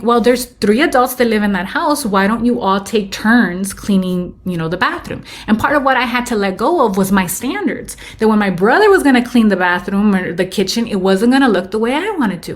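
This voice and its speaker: A woman in her thirties, a podcast guest telling her story candidly and slipping into Spanish phrases. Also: medium pitch. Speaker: podcast guest, business owner. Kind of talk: casual interview storytelling.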